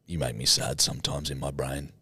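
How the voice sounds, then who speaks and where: A man's voice: rumbling low, flat delivery, fairly quick, sharp tone, husky, no echo, clean studio sound. A man co-hosting a comedy podcast, teasing and swearing freely in casual banter. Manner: teasing, sweary, laughs a lot. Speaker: podcast co-host.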